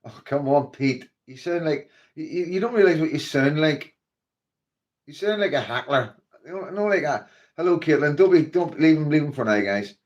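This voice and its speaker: A man's voice: on the high side, animated, normal speed, muffled recording. A man with a Northern Irish accent hosting a casual livestream, chatting to viewers and greeting them by name in a rambling, filler-heavy way. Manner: chatty, rambling, with frequent fillers like "you know" and "like". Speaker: livestream host.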